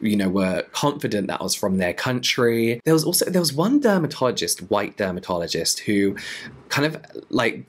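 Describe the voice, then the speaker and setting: A man's voice: fairly low pitch, big pitch swings, normal speed, breathy edge. A young man with a Southern English accent answering viewer questions in a casual, rambling vlog, full of asides and "like". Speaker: beauty YouTuber.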